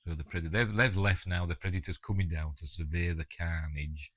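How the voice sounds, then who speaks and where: A man's voice: sits low, fairly even intonation, fairly quick, no echo, studio quality. A man with a Yorkshire accent giving a chatty, jokey audio commentary on a film and talking back to the characters on screen. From England.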